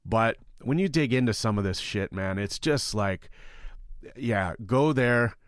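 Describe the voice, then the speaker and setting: A man's voice: fairly low pitch, lively intonation, normal speed, no room sound, clean studio sound. A man on a podcast panel, speaking in heated, emphatic opinion talk and swearing freely.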